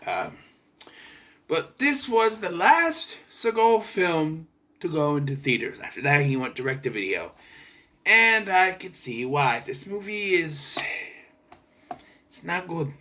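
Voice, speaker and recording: A young adult man casually reviewing a movie, chatty and sarcastic, sometimes clearing his throat. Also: on the high side, sing-song, slow, pauses often, pushed and bright.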